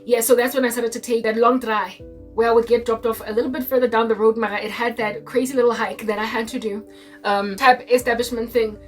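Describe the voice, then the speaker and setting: South African woman telling a story, slightly high voice. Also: level tone, a little fast. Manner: mixes English with Sesotho, frequent "do you understand?". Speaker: Christian YouTuber. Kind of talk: casual storytelling monologue. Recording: distant mic with faint music behind.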